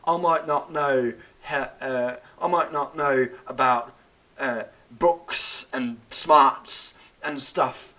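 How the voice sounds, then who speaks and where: A man's voice: mid-range voice, slow pace, bright, forceful tone. A man putting on a cheeky young working-class man with a Cockney accent, talking bluntly and cockily. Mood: cocky.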